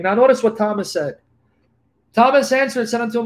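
High-voiced man preaching on a video call. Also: animated, a little fast. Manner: emphatic, repetitive, reads scripture aloud. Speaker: Bible teacher. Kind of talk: preaching during a live Q&A.

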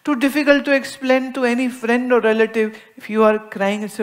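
A spiritual teacher, a woman with an Indian accent, gives a discourse to an audience in a fairly high voice, talking quickly with few pauses. Her delivery is expressive, sinking to a soft hush and then climbing to emphasis as she explains. She often acts out small everyday exchanges.

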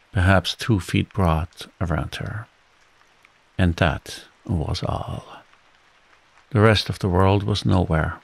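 A man narrating a bedtime audiobook in a calm, soft-spoken, measured way. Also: sits low, vocal fry, husky.

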